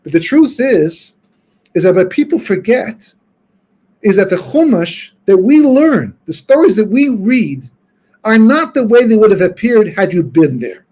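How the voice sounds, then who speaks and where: Guy w a slightly high husky voice giving a relaxed torah class, kinda talks it out as he goes. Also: unhurried. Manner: informal storytelling, thinking aloud with frequent restarts. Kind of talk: conversational Torah lecture.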